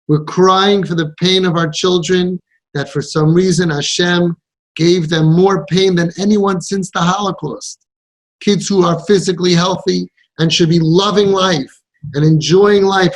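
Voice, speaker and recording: A man coaching parents in an impassioned counseling talk, stressing points by repeating them and mixing in Yiddish and Hebrew words. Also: high-pitched. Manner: emphatic, repeats phrases for stress.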